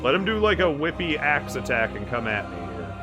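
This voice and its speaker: A man gives loud, profane live commentary on a co-op game, swinging from chatting with viewers to shouting at the boss. His voice sits at an ordinary middle pitch. Game music plays under him the whole time. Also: a little fast. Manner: excitable, profane, yells at the boss. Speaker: streamer playing co-op.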